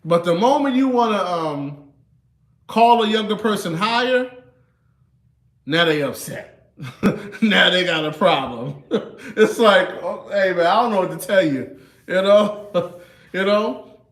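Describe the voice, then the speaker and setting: A man's voice: sits high, lively intonation, slow pace, long pauses, fairly bright tone, reverberant. A man in his thirties hosting a casual livestream, laid-back and chuckling, often tagging his lines with "you know" and "man". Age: 30s. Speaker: livestream host.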